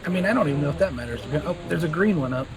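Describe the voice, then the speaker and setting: A man in casual gaming voice chat, making quick remarks to his group. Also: fairly high pitch, animated, noisy background. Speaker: gamer in voice chat.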